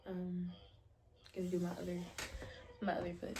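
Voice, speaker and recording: This American beauty vlogger, in her twenties, does her toenails while chatting in a slangy, casual way and frequently dropping to a whisper. She speaks at normal speed in a fairly low, monotone voice with vocal fry, and there's background noise.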